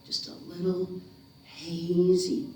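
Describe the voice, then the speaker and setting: A woman's voice: fairly low pitch, completely flat delivery, a little mellow, a little hiss or hum. Theatrical woman storyteller, very echoey. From North Carolina. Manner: dramatic, slows and drops to a whisper for suspense. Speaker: folk storyteller. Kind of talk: theatrical ghost-story telling. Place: living room of a retirement community. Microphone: room camera mic at a distance. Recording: echoey room, mic far off.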